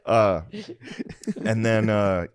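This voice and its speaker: A young man hosting a comedy podcast, telling a family story in a lively way and shouting out the voices of his relatives. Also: fairly low pitch, extremely slow, smooth, dry recording, clean studio sound. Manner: animated storyteller, does loud voices of family. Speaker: podcast host.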